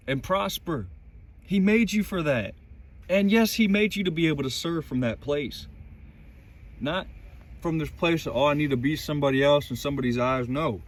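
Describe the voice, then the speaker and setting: Inside his van in the mountains, a man vlogs casual motivational faith talk, intense and emphatic, swearing freely. His voice sits a little high.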